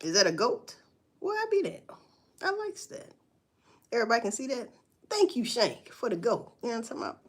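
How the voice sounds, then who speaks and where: On a live stream, a woman talks straight to her viewers in a blunt, profane, casual way. Her pitch swings widely and she jumps up into loud, emphatic outbursts. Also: huge pitch swings, fairly quick, pauses often, husky. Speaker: livestream host. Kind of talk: casual livestream chat to viewers.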